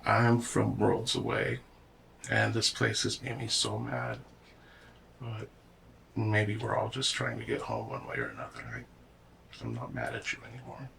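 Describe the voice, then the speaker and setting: Man voicing a wounded alien teen boy, earnest and soft, gravelly edge, tabletop game. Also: fairly low pitch, animated, a little slow, pauses often, background noise, exaggerated voice. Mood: forgiving.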